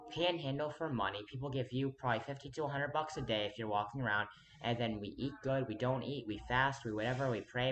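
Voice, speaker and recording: Addressing the viewer directly, a male vlogger rambles through an earnest, insistent to-camera monologue, hopping from thought to thought with frequent restarts and abrupt bursts of emphasis. His voice sits in the mid-range and is a bit bright.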